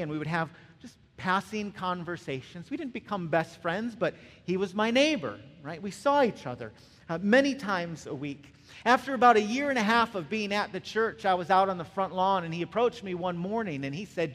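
A man's voice: high-pitched, moderate pace. Man preaching in a reverberant hall. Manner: conversational, frequent "right?" asides. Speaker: pastor. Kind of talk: sermon.

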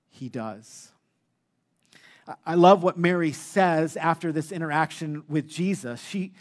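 Middle-aged pastor guy, pretty high voice, jokey storytelling sermon, lots of uhs and ums. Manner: humorous storytelling with frequent fillers.

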